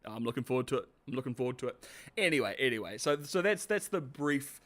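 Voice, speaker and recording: A man's voice: mid-range voice, expressive, fast talker, fairly bright tone. Rambling, sarcastic male streamer. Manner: rambling and sarcastic, with frequent restarts. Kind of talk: casual live-stream commentary.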